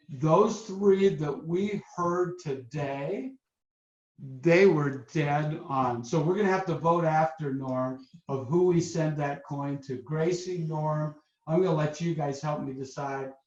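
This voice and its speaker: A man hosting a motivational webinar as a coach, telling stories in a lively, upbeat way over a video call. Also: a little high. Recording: roomy, dull lo-fi webinar audio.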